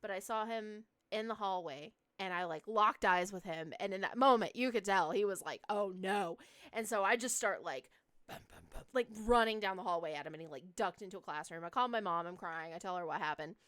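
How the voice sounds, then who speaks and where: A woman's voice: medium pitch, a little fast, a bit bright. A young adult woman streaming a horror game, telling a long story in a casual, chatty way full of fillers and swearing.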